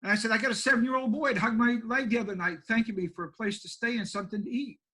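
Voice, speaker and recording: Older man, country pastor, folksy plainspoken storyteller, self-deprecating, high-pitched, bright tone. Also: fairly even intonation, racing, breathy edge, poor audio. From Maine, USA. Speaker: pastor and homeless shelter director.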